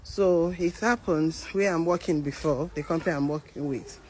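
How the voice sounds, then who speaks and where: A woman's voice: sits low, normal speed, rough recording. A woman from Nigeria with a Nigerian Pidgin accent, telling a personal story in a casual monologue and acting out the voices of people in it. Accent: Nigerian Pidgin English. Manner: animated, mimics voices in the story. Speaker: care worker telling her story. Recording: outdoor traffic noise.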